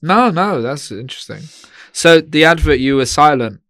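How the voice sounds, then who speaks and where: A man's voice: on the high side, animated, normal speed, fairly bright tone, dry recording. Teasing man with dry interjections. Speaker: podcast co-host. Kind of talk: casual comedy podcast chat.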